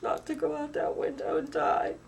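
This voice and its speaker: Woman interviewee, raw first-person testimony, halting repeats, swings loud to whispered. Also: high voice, big pitch swings, creaky, slight background noise. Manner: halting, repeats phrases, grows intense and loud, drops to whispers.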